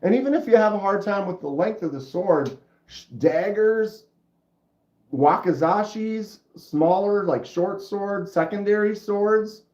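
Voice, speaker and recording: A middle-aged man with a stuffy nose hosting a casual livestream, chatting with viewers in a laid-back, drawn-out way. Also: high voice, a little mellow. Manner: laid-back, drawn-out, says dude and bro. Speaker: livestream host. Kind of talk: casual livestream chat reading comments. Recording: roomy, dull lo-fi sound.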